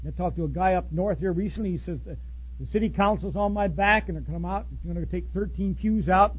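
A man preaching a sermon in a blunt, folksy way, swinging from loud outbursts to soft asides. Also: high-pitched, brisk, husky, dull audio. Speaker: pastor.

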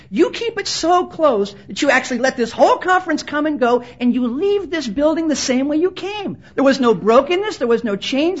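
A woman with a high, breathy voice preaches passionately at a conference hall. She acts out the voices she quotes and keeps urging her hearers to listen, though the sermon recording sounds dull and lo-fi.

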